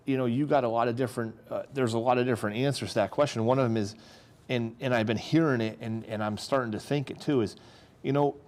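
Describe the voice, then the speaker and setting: A man, a farmer speaking as a guest on a local talk show, earnest and halting, often restarting his sentences. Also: medium pitch, fairly even intonation, darkish tone. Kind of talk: casual interview talk.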